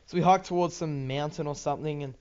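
A man's voice: on the high side, fairly quick, darkish tone, highs cut off. A teenage boy with an Australian accent, rambling casually over gameplay with lots of ums, restarts and swearing. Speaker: gaming YouTuber.

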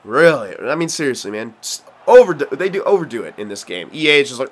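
A young man giving frustrated, excitable play-by-play commentary while playing a video game, swearing often. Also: medium pitch, quick pace, hardly any pauses. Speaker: gaming commentator.

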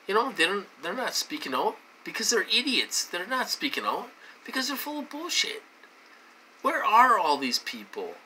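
An adult from the United States ranting into the camera, voice swinging up and down as the frustration builds. The tone is sharply bright and piercing, with repeated words and curses. A faint hum of room ambience sits behind the voice. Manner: agitated, repetitive, swears, pitch swings high when indignant. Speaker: vlogger.

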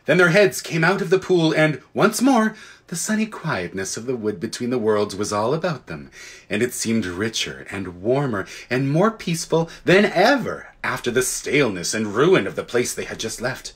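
A man reading a children's fantasy book aloud in an expressive, lively way, with casual asides to listeners. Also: mid-range voice, moderate pace, husky. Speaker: audiobook reader. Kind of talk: storybook read-aloud.

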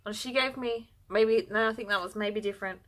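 A woman's voice: medium pitch, fairly quick, a bit bright. Bubbly, gushing woman unboxing yarn. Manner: bubbly, gushing, easily overexcited. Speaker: yarn vlogger. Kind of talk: casual unboxing chat.

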